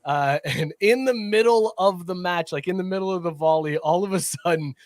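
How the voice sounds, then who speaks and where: A man's voice: sits high, normal speed, no echo. A man co-hosting a casual sports podcast, telling stories and laughing as he goes. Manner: lively storyteller who laughs mid-sentence. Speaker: podcast co-host. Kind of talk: casual chat.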